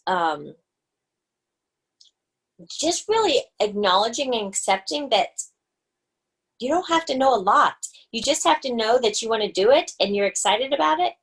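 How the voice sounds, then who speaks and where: A woman's voice: a little high, husky. A woman hosting a book study group on a video call, chatty and encouraging, with lots of fillers. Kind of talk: casual group video chat.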